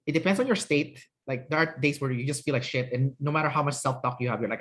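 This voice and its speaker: A man's voice: medium pitch, fast, a bit bright. A man hosting an interview as a personality trainer, talking casually with many fillers and tag questions.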